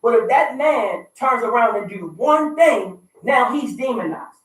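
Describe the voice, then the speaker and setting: A man's voice: very high-pitched, lively intonation, unhurried. A man in his thirties, hosting a radio talk show, making emphatic, repetitive points and raising his voice at times. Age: 30s. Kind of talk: opinionated relationship talk. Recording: very echoey room, distant mic.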